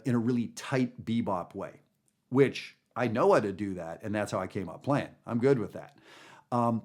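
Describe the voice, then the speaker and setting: A man's voice: lowish voice, darkish tone. A man teaching jazz in a guided listening lesson, talking in an enthusiastic, chatty way with many fillers. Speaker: jazz educator.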